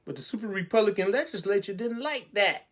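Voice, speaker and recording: A man's voice: high-pitched, animated, brisk. A man hosting a web talk show, speaking in a sarcastic, preachy way that is full of rhetorical questions.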